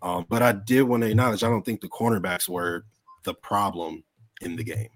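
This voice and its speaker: A man, a podcast guest, giving a measured, hesitant opinion. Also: lowish voice. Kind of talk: casual podcast discussion.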